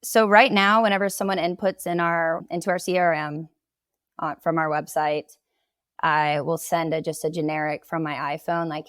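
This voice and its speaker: Low-voiced woman, chatty real estate agent. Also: fairly even intonation, moderate pace, a bit bright, clean tone, no echo, studio quality. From Oklahoma. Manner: conversational, explaining at length with laughs. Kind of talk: casual podcast interview.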